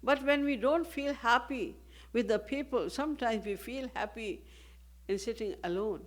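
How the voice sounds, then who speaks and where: A woman spiritual teacher giving a devotional discourse, speaking in a measured way and posing rhetorical questions. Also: on the high side.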